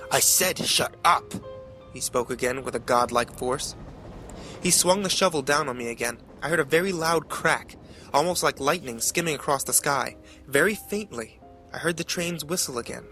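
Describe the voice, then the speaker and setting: A man narrating a horror story in a measured, dramatic way. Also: mid-range voice, a bit bright.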